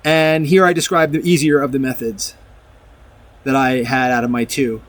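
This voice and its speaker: This presenter's mid-range voice stays level at normal speed as he walks viewers through a math proof. It's a casual, rambling explanation where he often restarts sentences and mixes document reading with offhand remarks.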